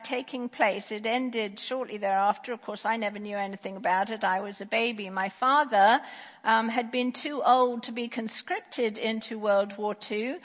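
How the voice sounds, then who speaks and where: A woman in her sixties giving a sermon with personal testimony, conversational and halting with restarts, in a church. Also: fairly high pitch. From England. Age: 60s. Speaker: preacher. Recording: dull recording with long church reverb.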